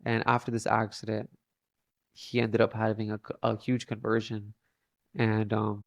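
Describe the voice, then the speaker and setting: A young man, a podcast guest, telling a long story in a halting way with many fillers and restarts. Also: fairly low pitch, completely flat delivery, gravelly, no echo. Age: young adult. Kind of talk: casual storytelling interview.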